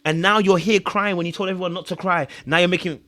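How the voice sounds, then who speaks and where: A man's voice: high-pitched, steady tone, quick pace, fairly bright tone, no room sound. A man hosting a reality TV review, scolding and mocking the contestants with rhetorical questions and stumbling over words with repeated fillers. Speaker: host.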